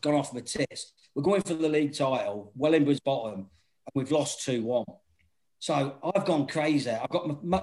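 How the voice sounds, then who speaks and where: Laughing, swearing man telling stories. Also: a little high. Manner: laughing, swearing, animated storytelling. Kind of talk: casual chat, anecdotes.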